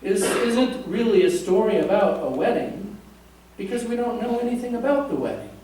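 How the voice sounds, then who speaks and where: A man's voice: high voice, very animated, moderate pace, dark tone. Male pastor, sermon, conversational, heard from afar, roomy reverb, faint hiss. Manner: conversational, jokes with the congregation. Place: church sanctuary. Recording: echoey church from a distant mic.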